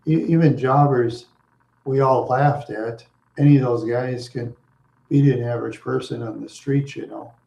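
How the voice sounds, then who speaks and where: A middle-aged man talks in a loose, rambling way, chuckling often as he drifts through asides. His voice is dark and mellow. The room around him is echoey. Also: mid-range voice, fairly even intonation, normal speed, gravelly, lo-fi sound. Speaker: streamer answering viewers. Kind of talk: casual rambling chat.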